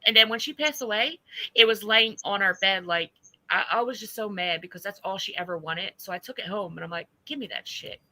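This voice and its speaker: A woman's voice: medium pitch, fairly quick, dry recording. A woman hosting a livestream, talking bluntly and with lots of swearing as she tells stories. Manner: blunt, profane, animated storytelling. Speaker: livestream host. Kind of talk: casual livestream chat.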